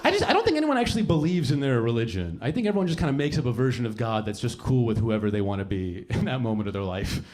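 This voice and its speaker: A man's voice: medium pitch, sing-song, quick pace, few pauses, a little mellow. Young man doing profane stand-up. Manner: profane, rambling, self-mocking. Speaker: stand-up comedian. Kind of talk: stand-up comedy set. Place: comedy club stage. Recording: live audience laughter.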